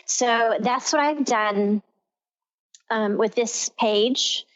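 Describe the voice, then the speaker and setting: A woman's voice: a little high, extremely slow. A woman from Texas hosting a talk radio show, explaining in long flowing sentences. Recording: lo-fi radio sound.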